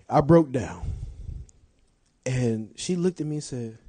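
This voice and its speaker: Middle-aged male preacher, husky timbre, expressive high delivery, storytelling sermon. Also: takes it slowly, long pauses, no room sound. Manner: animated storytelling, swinging from shouts to hushed confessions. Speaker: pastor.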